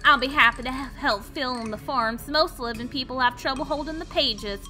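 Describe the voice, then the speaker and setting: A woman's voice: sits high, normal speed, pushed and bright, faint music behind. A woman voicing a fussy, bureaucratic ghost town clerk in a comedy game, cheerful and pedantic. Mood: officious.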